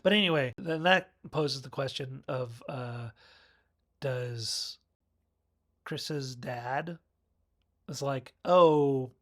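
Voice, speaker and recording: A man's voice: mid-range voice, slow pace, long pauses, pushed and bright. A man giving a casual film review, rambling, correcting himself and chuckling as he goes. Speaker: movie reviewer.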